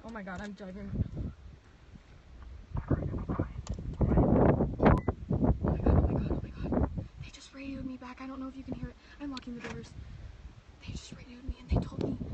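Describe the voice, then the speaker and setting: A woman's voice: sits high, steady tone, fast, long pauses. A frightened, shaking woman, a game show contestant, talking to herself and teammates in a car, repeating phrases and swinging from whispers to shrieks. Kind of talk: unscripted live reactions. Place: inside a parked car. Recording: distant mic with clear background noise.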